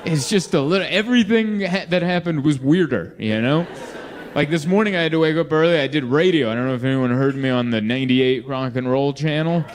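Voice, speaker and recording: A man doing a stand-up comedy set in a club, telling stories with lively delivery and acting out the people in them. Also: fairly high pitch, a little fast. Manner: lively storytelling, acts out quoted people in shifting voices. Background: audience laughter.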